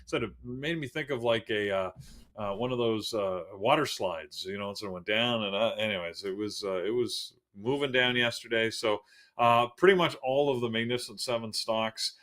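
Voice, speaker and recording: A man with a mid-pitched voice co-hosts a live trading show. He talks loosely about stocks, wandering into asides and filling pauses with fillers. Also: fairly bright tone. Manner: rambling, self-deprecating, frequent fillers and asides. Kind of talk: live market commentary.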